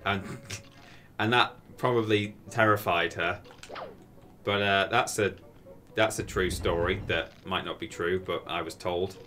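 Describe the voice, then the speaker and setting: A man's voice: sits low, steady tone, measured pace, pushed and bright. A man chatting casually while streaming a video game, rambling and amused as he tells stories. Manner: rambling, self-amused storytelling. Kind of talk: casual gameplay commentary.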